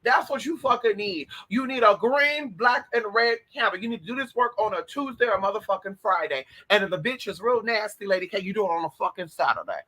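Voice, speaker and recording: A man with a high, piercingly bright voice, delivering a casual spiritual advice monologue as host. He is sassy and profane, animated throughout, and breaks into sudden shouts. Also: a little fast, hardly any pauses, poor audio.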